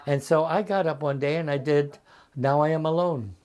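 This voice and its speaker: A man in his eighties, a veteran actor as an interview guest, telling anecdotes in a lively, chuckling way over a video call from his home. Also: a little high, moderate pace. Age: 80s. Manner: lively raconteur, often chuckling. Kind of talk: anecdotal storytelling.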